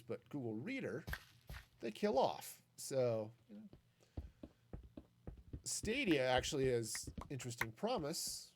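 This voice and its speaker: A man's voice: mid-range voice, slight background noise. A man streaming a game, chatting casually and thinking aloud with many restarts. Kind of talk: casual commentary while gaming.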